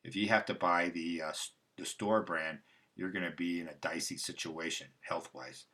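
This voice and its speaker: A man's voice: sits low, steady tone, normal speed, sharp tone. A man hosting a casual livestream, talking in a loose, rambling way with restarts and asides. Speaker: host. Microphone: livestream mic.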